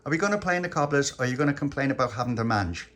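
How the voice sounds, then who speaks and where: A brisk, no-nonsense little girl talks in a matter-of-fact way, as a man reads her in a storybook telling. Her voice stays only a little above his own. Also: medium pitch, expressive, a bit bright, voice pushed up, close to an everyday voice. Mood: exasperated.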